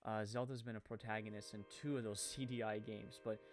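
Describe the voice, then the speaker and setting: A man's voice: fairly low pitch, fairly even intonation, brisk, faint music behind. A man with a French-Canadian accent giving rambling live-stream commentary, full of fillers, who corrects his own stumbles.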